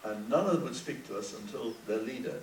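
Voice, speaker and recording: An older man on a panel, recalling the past in halting speech full of repeated words. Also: mid-range voice. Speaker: panel guest. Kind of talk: reflective panel talk. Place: conference hall. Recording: roomy hall, distant mic, faint hiss.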